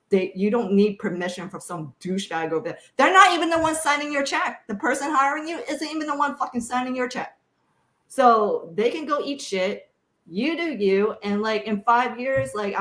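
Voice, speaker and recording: A woman's voice: fairly high pitch, expressive, moderate pace, a bit bright. A woman filmmaker on a panel, ranting with passion, blunt, sassy and swearing heavily. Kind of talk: impassioned rant in a panel chat. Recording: echoey room.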